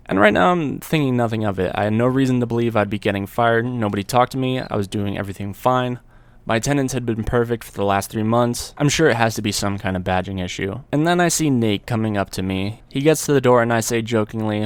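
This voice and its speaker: Chill young guy telling a storytime, kinda low voice, super dry close mic, swears now and then. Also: a little fast, smooth, dry recording. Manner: laid-back, with casual swearing and slang. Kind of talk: casual storytime narration.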